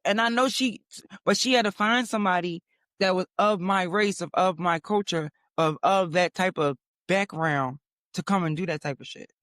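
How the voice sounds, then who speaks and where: High-voiced man telling a profane story. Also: normal speed, no room sound, studio quality. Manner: animated, profane, dramatic storytelling. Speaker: podcast host. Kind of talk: storytelling monologue.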